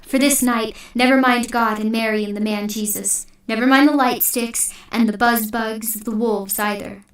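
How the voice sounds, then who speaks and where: Woman doing a stern old priest, preachy and forceful, roomy echo, mic far off. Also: a little high, fairly even intonation, normal speed, lightly acted. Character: stern older male priest rallying townsfolk. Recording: echoey room, distant mic.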